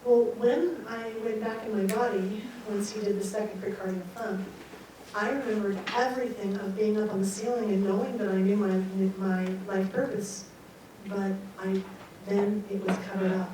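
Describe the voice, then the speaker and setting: An older woman giving a talk, telling a personal story in an animated way, acting out what she thought and laughing along. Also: mid-range voice, normal speed. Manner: animated, acts out her own quoted thoughts and laughs. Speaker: guest speaker. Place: meeting room at a talk. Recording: very echoey hall, mic far off, faint hiss.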